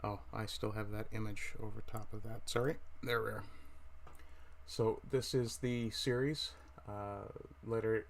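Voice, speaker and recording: A middle-aged Newfoundland man hosts a relaxed livestream in a lowish voice. He rambles along, stops to fix his own words and tosses off chatty asides as he clicks through pages. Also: measured pace, vocal fry, a little hiss or hum. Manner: rambling, self-correcting, chatty asides while browsing. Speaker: livestream host. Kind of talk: casual livestream chat.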